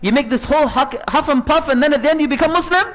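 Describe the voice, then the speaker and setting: Brief: male preacher with a very high voice, animated and conversational, telling a story in a sermon. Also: quick pace.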